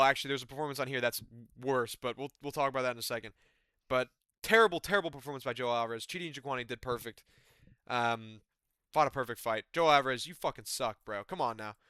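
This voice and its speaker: A man's voice: medium pitch, sharp tone, smooth, no room sound, clean studio sound. A man giving a rambling, profane, exasperated casual recap of a fight card. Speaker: MMA commentary YouTuber.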